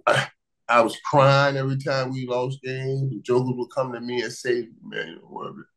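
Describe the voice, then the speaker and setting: A man from Miami telling stories in casual conversation as a guest, lively and quick to repeat words. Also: medium pitch, rough recording. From Miami, USA. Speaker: guest, former pro football receiver. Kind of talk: animated storytelling in casual conversation.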